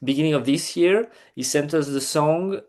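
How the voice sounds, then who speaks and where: A man, a band's bassist, chatting loosely as an interview guest over a video call, with lots of fillers and restarts. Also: moderate pace, darkish tone. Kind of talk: casual interview chat.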